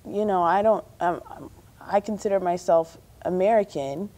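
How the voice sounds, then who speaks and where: A woman with a British accent and a mellow, warm tone speaks on a community panel. She tells a personal story in a reflective way. Her voice lifts when she quotes other people. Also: lowish voice, moderate pace. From Somalia.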